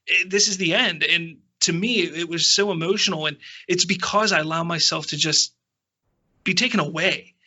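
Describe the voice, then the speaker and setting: A man's voice: a little high, normal speed, pushed and bright, slightly rough, muffled recording. A man hosting a podcast, talking earnestly and from the heart, stammering through restarts. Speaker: podcast host. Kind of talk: casual chat.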